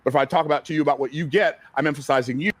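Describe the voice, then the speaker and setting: A man's voice: fairly high pitch, racing, dry recording. A man teaching from a stage in a seminar style, emphatic and repetitive, asking the audience questions. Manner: emphatic, repeats key phrases, asks the audience questions. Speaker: business coach speaking on stage. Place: event room with a live audience.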